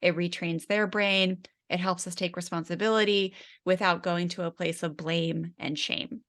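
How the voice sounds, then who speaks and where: A woman's voice: on the low side, steady tone, moderate pace, a bit bright. A woman parenting coach in a casual interview, chatty and full of "like" fillers, acting out her own inner voice.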